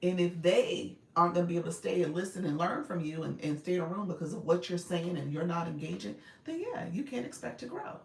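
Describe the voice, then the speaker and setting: Gravelly woman coaching live from her car. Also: lowish voice, fairly even intonation, fast talker, hardly any pauses, roomy sound. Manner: chatty, direct, laughs often. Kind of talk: casual livestream coaching. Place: inside a car.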